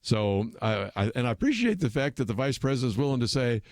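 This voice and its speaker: A man's voice: mid-range voice, big pitch swings, fast talker, no echo, studio quality. A man hosting a radio talk show, giving opinionated commentary in a conversational way with frequent fillers. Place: radio studio.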